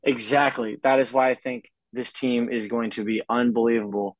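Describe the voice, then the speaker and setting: A man in a casual sports chat, enthusiastic and quick to agree. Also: mid-range voice, level tone, no echo, poor audio.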